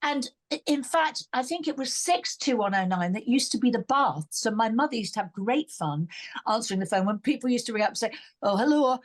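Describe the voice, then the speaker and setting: A woman's voice: fairly high pitch, animated, a little fast. A woman from Sunderland, England, co-hosting a casual chat and telling stories in a chatty way. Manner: chatty, storytelling.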